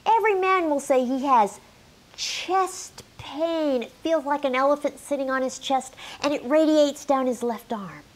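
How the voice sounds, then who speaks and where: A woman's voice: high voice, unhurried. A middle-aged woman teaching a health lesson straight to camera, emphatic and quizzing the viewer. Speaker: menopause health educator.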